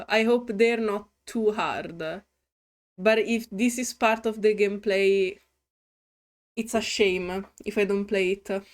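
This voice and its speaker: A woman with an Italian accent, chatting playfully while starting a new game as a gaming YouTuber. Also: mid-range voice. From Italy. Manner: playful and chatty, hums to herself. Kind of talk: casual game commentary. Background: faint game music.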